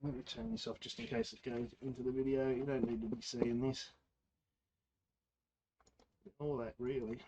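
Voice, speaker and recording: A man's voice: medium pitch, level tone, brisk, dark tone, a little hiss or hum. An Australian man hosting a home brewing livestream, chatting casually, talking to himself and answering viewers while he works. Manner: rambling, talks to himself and reads out chat. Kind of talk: casual live-stream chat while brewing. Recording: slightly dull lo-fi sound.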